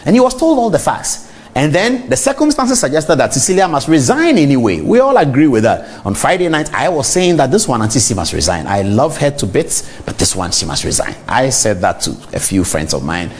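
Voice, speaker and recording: Animated Ghanaian man hosting TV. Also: medium pitch, brisk. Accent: Ghanaian English. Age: middle-aged. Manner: animated, talks straight to viewers. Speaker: TV talk show host. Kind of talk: on-air commentary.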